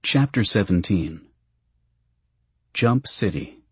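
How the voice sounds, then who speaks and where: A man reading a novel aloud as an audiobook narrator, in a measured, even, understated way. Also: on the low side, slightly rough, dry recording.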